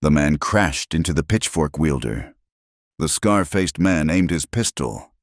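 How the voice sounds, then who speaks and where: A male storyteller reads a frontier tale in a dramatic, emphatic style. His voice is extremely deep, with pitch that rises and falls vividly, and the recording is close and dry. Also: animated, a little slow, no echo. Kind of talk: scripted dramatic narration.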